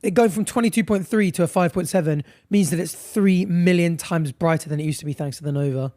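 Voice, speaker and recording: A man's voice: fairly high pitch, brisk, darkish tone, no echo. A man from England co-hosting a podcast in casual, jokey chat, throwing in meme quotes. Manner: chatty, jokey, quotes internet memes. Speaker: podcast co-host.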